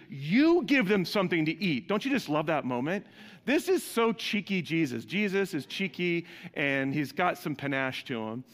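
A male pastor giving a sermon, animated and putting questions to the congregation. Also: on the high side, big-room sound.

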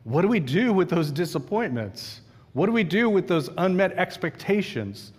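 A man's voice: high-pitched, big pitch swings, normal speed, a little mellow, slightly rough, in a large hall. A man preaching a sermon in a conversational way, asking his listeners questions and acting out the quotes he reads.

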